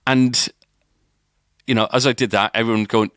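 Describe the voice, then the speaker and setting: A man's voice: mid-range voice, steady tone, normal speed, a bit bright, smooth, dry recording, studio quality. A man, a podcast co-host, telling a long story in casual chat, rambling with restarts and filler words.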